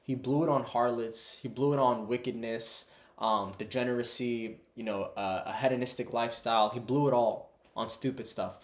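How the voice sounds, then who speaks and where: A man with a medium-pitched, darkish voice gives a casual, conversational Bible teaching online, preaching to the camera in a reverberant space. He addresses his viewers as "bro."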